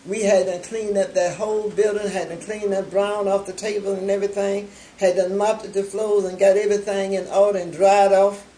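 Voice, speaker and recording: A woman's voice: mid-range voice, little pitch movement, mellow, slight background noise. An older woman giving a spoken testimony of faith as founder of a charity. She tells the story unhurriedly and acts out both sides of remembered conversations, with many repetitions of "I said" and "he said". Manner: unhurried, with repeated "I said" and "he said". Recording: roomy echo.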